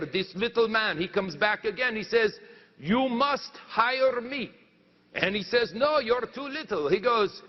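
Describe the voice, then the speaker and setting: A man playing a boastful French lumberjack in a comic monologue, telling a story in a put-on French accent and halting as he searches for words. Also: high-pitched, in a large hall, dull audio.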